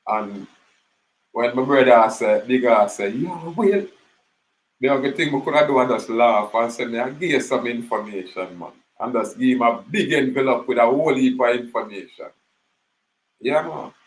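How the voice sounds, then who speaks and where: A man's voice: medium pitch, normal speed, poor audio. Jamaican man rambling in Patois. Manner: rambling, animated storytelling in Patois. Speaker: channel host. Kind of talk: casual monologue.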